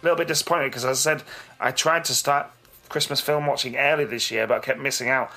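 A man's voice: medium pitch, fairly even intonation, fast, sharp tone. A man in his thirties co-hosting a podcast, chatting casually, blunt, jokey and swearing freely. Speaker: podcast co-host. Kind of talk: casual chat.

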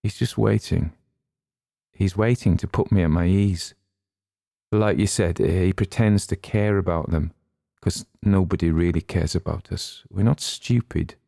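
A man's voice: sits low, measured pace, gravelly, mellow, no room sound, studio quality, heavily acted. A man voicing a tearful, troubled young woman who sounds pleading and hurt. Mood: bitter.

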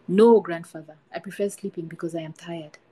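A woman's voice: on the low side, fairly even intonation, fairly quick, warm tone, breathy edge. A woman voicing a naive, polite orphan boy who pleads in a folktale reading.

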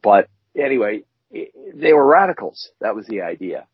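A man with a very husky, breathy, fairly low voice co-hosts a casual chat, talking in a lively, swooping way as he jokes and rambles through stories. The audio is dull and dry, with no room sound. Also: normal speed, dry recording. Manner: animated, joking, rambling storyteller. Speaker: co-host.

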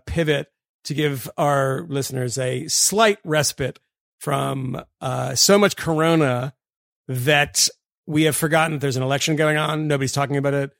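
A man co-hosting a podcast, reading a listener's email aloud in a rambling way with lots of fillers and quick laughs. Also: fairly high pitch, vocal fry, fairly bright tone, no echo, clean studio sound. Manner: rambling, many fillers, laughs mid-sentence. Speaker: podcast co-host.

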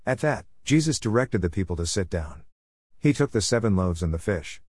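Low-voiced man reading scripture. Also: moderate pace, slightly rough, dry recording, clean studio sound. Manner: steady reading with verse numbers read aloud. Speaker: Bible reader.

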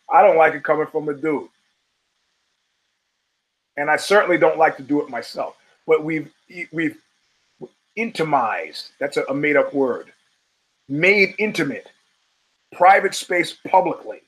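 A man's voice: a little high, animated, unhurried, long pauses, a bit bright, low-quality recording. A man hosting a solo podcast, talking in a wry, profane, digressive way with emphatic punches. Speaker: podcast host.

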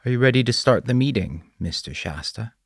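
A man voicing a stiff, expressionless male school counselor who talks in a flat, formal way. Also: mid-range voice, fairly quick, slightly rough, dry recording, clean studio sound, pitched above the performer's own voice. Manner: flat, formal, unsettlingly calm.

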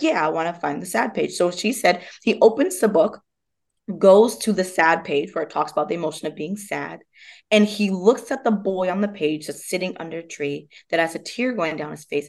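Animated woman telling stories as a guest. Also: fairly low pitch, normal speed, gravelly. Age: young adult. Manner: animated, acts out quoted dialogue. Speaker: guest, movement method founder. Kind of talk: casual storytelling interview.

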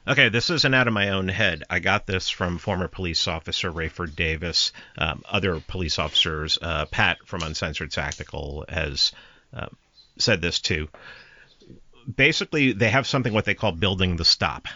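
A man's voice: sits low, moderate pace, sharp tone, a little hiss or hum. A man who is a podcast guest, explaining things in a plain-spoken, step-by-step way. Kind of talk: casual interview. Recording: dry, dull lo-fi sound.

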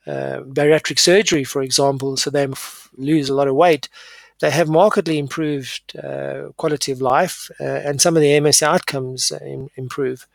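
A middle-aged man, a neurologist, explaining in a measured monologue, with frequent fillers and self-corrections. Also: medium pitch, steady tone, creaky, dry recording.

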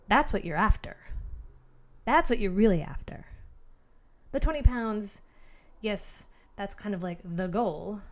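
Speaking in a mid-range voice, a female podcast host coaches her listener with lively motivational talk aimed straight at them.

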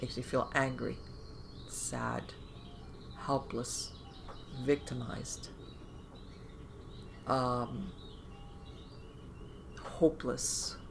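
A woman podcast host giving conversational advice, animated and talking in loose run-on phrases full of fillers, often acting out inner voices. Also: rumbling low, drawn-out words, gravelly, pauses often, noisy background. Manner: animated, acts out inner voices and quoted thoughts.

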